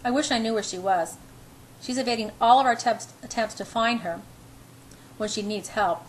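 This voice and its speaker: A woman's voice: on the high side, moderate pace, slight background noise, lightly acted, low-quality recording. A woman voicing a brooding, controlling young man, spoken intensely and insistently. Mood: earnest.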